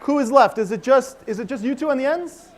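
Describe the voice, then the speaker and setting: Energetic high-voiced male stage mentalist. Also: a little fast, slight background noise. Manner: energetic, commanding, playful crowd work. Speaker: mentalist performer. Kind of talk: live stage show with audience participation. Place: large conference hall with audience.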